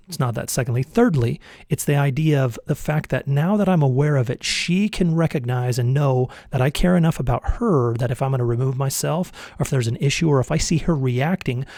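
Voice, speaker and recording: A man's voice: medium pitch, mellow, no echo, studio quality. A man vlogging a casual motivational monologue, earnest and rambling, often correcting himself mid-sentence.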